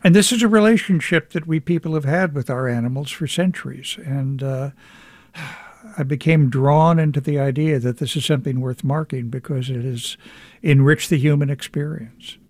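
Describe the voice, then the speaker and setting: A middle-aged man, an author being interviewed, speaking thoughtfully with frequent halting restarts. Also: a little high, darkish tone, dry recording, studio quality. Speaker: author guest. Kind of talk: reflective interview conversation.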